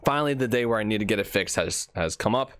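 A man hosting a casual podcast, rambling in an animated, self-joking way while nursing an aching tooth. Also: on the low side, fast talker, clear, resonant tone, no room sound. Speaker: podcast host.

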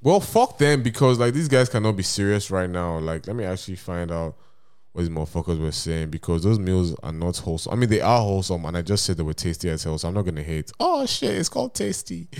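Young male co-host, deep voice, dry close sound, rambling anecdotal delivery. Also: fast, darkish tone, clean tone, no room sound. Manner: rambling storyteller, reads messages aloud punctuation and all. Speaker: podcast co-host. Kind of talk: casual chat.

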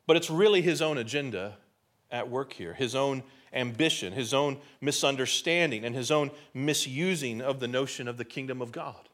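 A man's voice: mid-range voice, normal speed, fairly bright tone. A man preaching a sermon in an emphatic, conversational way, often putting rhetorical questions to his listeners. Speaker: pastor.

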